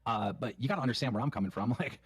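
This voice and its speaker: A man's voice: medium pitch, racing, slightly rough, no room sound. A man hosting a livestream show, talking bluntly and emphatically with plenty of profanity. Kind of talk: livestream commentary.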